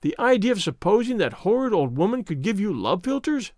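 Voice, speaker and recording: A proud, hot-tempered young woman in a storybook, scolding imperiously with a high, lively voice, as a male reader voices her. It is recorded dry and close. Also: fairly quick, dry recording. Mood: scornful. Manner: imperious, scornful.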